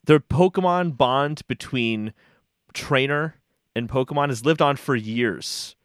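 A man's voice: medium pitch, slow pace, no echo, clean studio sound. A man arguing as a mock defense attorney in a comic courtroom bit, indignant and full of rhetorical questions.

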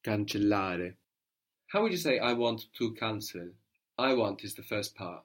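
A man teaching a language lesson, patiently encouraging and modeling words slowly, syllable by syllable. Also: fairly low pitch, lively intonation.

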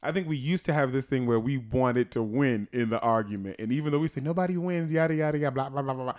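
A man co-hosting a casual couples podcast, telling stories with lively acted-out quotes. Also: fast talker. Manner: animated storyteller, acts out quotes in a high voice. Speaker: podcast co-host.

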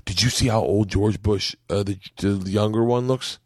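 A man's voice: steady tone, normal speed, dry recording, studio quality. A middle-aged man hosting a podcast from his man cave, chatting casually with lots of swearing and joking. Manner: profane, joking, puts on a high drawling yokel voice at times. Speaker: podcast host. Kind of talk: casual chat. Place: home man cave studio.

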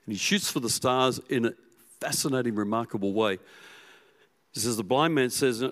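A man preaching a sermon as pastor, telling the story with animation and swinging from loud to hushed. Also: mid-range voice, normal speed, long pauses.

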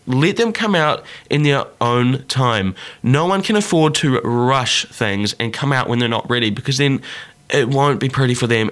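A podcast host talks alone with earnest passion, his fairly bright voice climbing higher in pitch as he gets worked up.

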